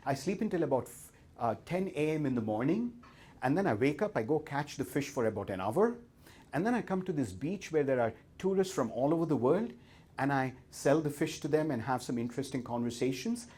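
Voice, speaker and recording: A man's voice: mid-range voice, darkish tone, breathy edge. A man with an Indian accent playing a contented, carefree Mexican fisherman who tells of his easy, leisurely day.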